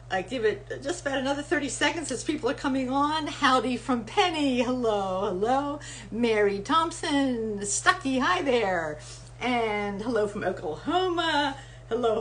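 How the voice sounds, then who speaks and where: A woman's voice: sits high, a bit bright, a little hiss or hum. Bubbly woman hosting a live webinar. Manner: bubbly, greets viewers by name. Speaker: webinar host. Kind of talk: casual live-stream welcome and interview.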